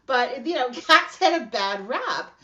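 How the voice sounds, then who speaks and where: Woman, middle-aged, podcast host, animated storyteller, laughs often, slightly dull lo-fi sound. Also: high-pitched, measured pace. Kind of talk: casual podcast chat.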